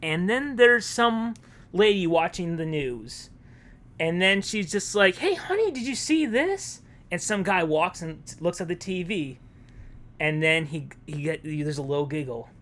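A man's voice: a little high, a little slow, fairly bright tone. A man co-hosting a podcast, casually retelling a story he wrote and acting out the characters' lines. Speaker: podcast co-host.

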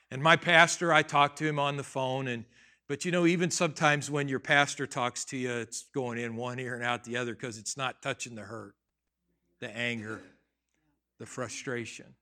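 A middle-aged male pastor telling a personal story in a sermon, talking casually and swinging between quiet asides and loud, emphatic bursts. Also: medium pitch, normal speed.

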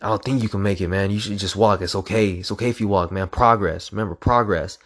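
A man voicing his own tempting inner voice, soft and coaxing, urging himself to quit. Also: lowish voice, steady tone, fast talker. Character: tempting inner voice of a tired male runner.

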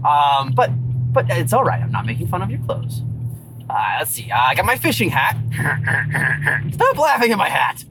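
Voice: mid-range voice, a little fast, noisy background. A person playfully talking one side of a conversation with an imagined companion, patient and teasing in manner. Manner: animated, patient and teasing, like coaxing a child. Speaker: storyteller in a one-sided skit. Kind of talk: playful one-sided dialogue with an unseen zombie friend.

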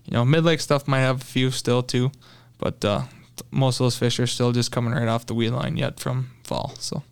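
A young man tells a fishing story in casual talk, his voice smooth and clear. He gets animated as he retells it and is full of fillers and restarts. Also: medium pitch, moderate pace. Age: young adult. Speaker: podcast guest, tournament angler.

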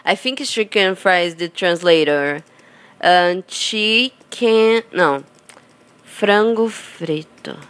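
A hoarse woman with a Brazilian Portuguese accent, a native Portuguese speaker, chatting casually to her viewers and searching for words in English. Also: fairly low pitch, takes it slowly, fairly bright tone. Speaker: vlogger.

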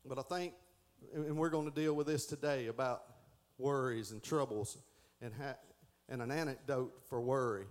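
A man's voice: medium pitch, steady tone, normal speed. A middle-aged man giving a folksy Sunday school lesson, stumbling and restarting as he reads aloud.

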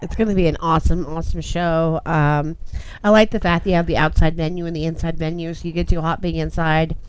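A woman's voice: sits low, fairly even intonation, fast, clean tone, rough recording. A woman co-hosting a radio show, chatting casually with brash, profane jokes. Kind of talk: casual chat.

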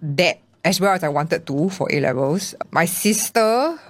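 Animated Singaporean woman, low voice. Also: measured pace. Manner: animated storytelling with acted-out quotes. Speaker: podcast guest. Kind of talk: candid personal interview.

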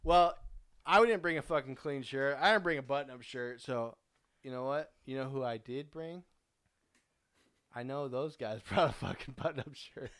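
A man's voice: medium pitch, moderate pace, fairly bright tone, clean tone. Rambling, profane young man telling a story. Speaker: podcast host. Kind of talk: casual storytelling.

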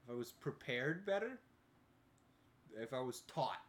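A man's voice: medium pitch, big pitch swings, measured pace. A young man from Canada co-hosting a podcast, talking in a laid-back, self-deprecating way. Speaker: podcast co-host. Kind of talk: casual podcast banter. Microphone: studio podcast mics.

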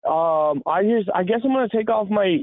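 A man voicing a confused elderly woman with dementia in a high, wavering old-lady voice, heard through a tinny, phone-like line. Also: expressive, moderate pace, no room sound.

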